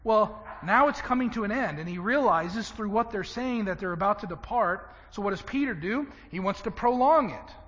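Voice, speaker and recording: A man preaching a sermon, swinging from loud emphatic lines to hushed ones. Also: high-pitched, lively intonation, moderate pace, few pauses, big-room sound, dull audio. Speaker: pastor.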